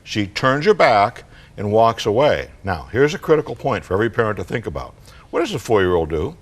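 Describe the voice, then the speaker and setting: A man's voice: lowish voice, fairly quick. An older man on a studio talk show, telling parenting stories and acting out kids and parents. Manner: animated storyteller, acts out kids and parents. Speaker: guest parenting author.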